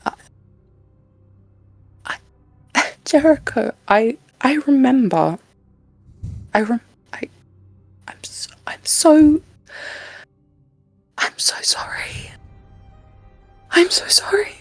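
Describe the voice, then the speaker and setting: A woman playing a remorseful young woman warrior who speaks in breathy, tearful tones, in a tabletop game. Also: high voice, very animated, slow, long pauses, no echo, in a whisper, faint music behind, voice pushed up, exaggerated voice. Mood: tearful whisper. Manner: breathy, tearful, half-laughing.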